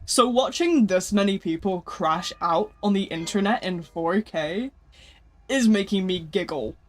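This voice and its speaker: A young woman chatting casually on a live stream. She is animated, swears often and keeps laughing. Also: medium pitch, measured pace.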